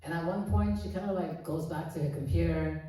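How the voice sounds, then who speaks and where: A man's voice: a little high, fairly quick, dark tone, recorded from a distance. A man from Iran doing stand-up, telling a story in a chatty way full of "like" and restarts. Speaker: stand-up comedian. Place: comedy club stage. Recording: very echoey room, voice off-mic.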